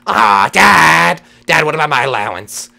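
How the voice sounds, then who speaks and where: A man's voice: fairly high pitch, big pitch swings, measured pace, vocal fry, pushed and bright, full character voice. A man voicing a mischievous son in a Minecraft role-play, whiny and cheeky.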